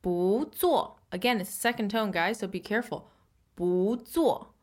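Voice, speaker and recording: Woman teacher spelling out Mandarin slowly. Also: mid-range voice. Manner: slows down and stretches Mandarin words for learners. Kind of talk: casual lesson explanation.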